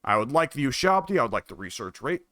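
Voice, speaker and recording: A man's voice: mid-range voice, sing-song, fast talker, fairly bright tone, no room sound. A man casually commenting on his own strategy game, musing and wry, talking half to himself. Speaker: gameplay commentator.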